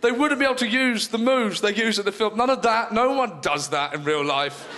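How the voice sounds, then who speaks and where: Animated stand-up comic, high voice. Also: male voice, fairly quick. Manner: animated, swearing, acts out scenes. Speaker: stand-up comedian. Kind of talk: stand-up routine. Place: comedy club stage, live audience. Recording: live stage mic with crowd noise.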